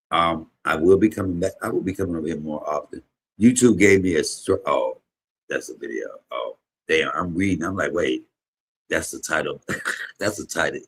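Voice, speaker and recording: Husky, deep-voiced man in his fifties. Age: 50s. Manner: emotional, rambling storytelling with sudden loud bursts. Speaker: comedian streamer. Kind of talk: casual livestream chat and storytelling.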